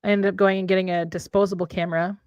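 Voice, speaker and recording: A woman's voice: medium pitch, flat delivery, very fast, darkish tone, clear, resonant tone, no echo, lo-fi sound. A woman chats loosely on a livestream, wandering between stories and scolding her pet in passing. Her voice sits mid-range and is recorded close and dry on a condenser mic. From United States. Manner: rambling, talks to her pet mid-sentence. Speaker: co-host. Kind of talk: casual livestream chat.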